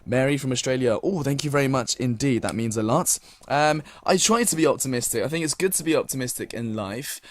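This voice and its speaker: A man's voice: mid-range voice, a little fast, dry recording. A young British man as a radio DJ, reading listener messages in a polite, casual way with many fillers. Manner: polite, filler-heavy, many thank-yous.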